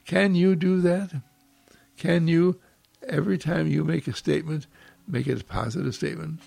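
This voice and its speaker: A man's voice: on the high side, steady tone, moderate pace, gravelly, a little mellow, slightly rough, no room sound. A man giving an inspirational spiritual talk, full of effusive repetition and rhetorical questions. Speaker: spiritual practitioner giving uplifting talks.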